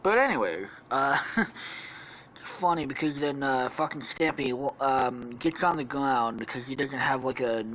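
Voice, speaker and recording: A podcast host spinning a crude, rambling comic tale at a middling pitch, laced with swearing and filler words. They keep breaking into laughter at their own jokes, with a faint hiss of noise behind the voice. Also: expressive, normal speed, a bit bright. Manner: heavy swearing, many fillers.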